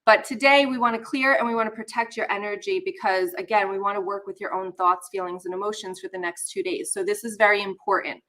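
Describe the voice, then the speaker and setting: A woman's voice: mid-range voice, fairly even intonation, quick pace, few pauses, fairly bright tone. A woman hosting a live online session, teaching casually and talking straight to viewers while a bit under the weather. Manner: chatty, talks straight to viewers, greets chat.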